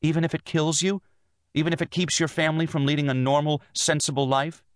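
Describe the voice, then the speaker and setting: A man's voice: fairly high pitch, flat delivery, fairly quick, no room sound, studio quality, voice pushed up, natural voice. A man narrating an audiobook voices a tense young wife and mother, earnest and insistent as she pleads her case. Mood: earnest, pleading. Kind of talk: audiobook dialogue.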